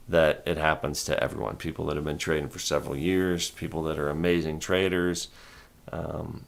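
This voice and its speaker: A man with a very deep, gravelly voice talks through a trading livestream. His delivery is calm, low-key and rambling, with little lift in his tone. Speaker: host of a stock trading livestream. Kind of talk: casual livestream chat.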